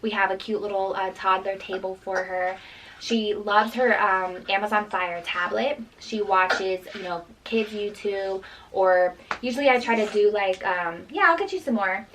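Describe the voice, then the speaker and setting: A woman's voice: mid-range voice, normal speed, a bit bright, far from the mic, a little hiss or hum, poor audio. A young woman chatting casually about her toddler as a mom vlogger, with lots of fillers. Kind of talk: casual chat.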